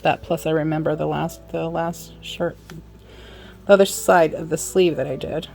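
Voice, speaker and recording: A woman's voice: low-pitched, steady tone, moderate pace, vocal fry, darkish tone, faint music behind. A woman giving a casual sewing demonstration, chatting and apologizing in asides as she works. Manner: chatty, apologetic asides, talks while working. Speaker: sewing instructor.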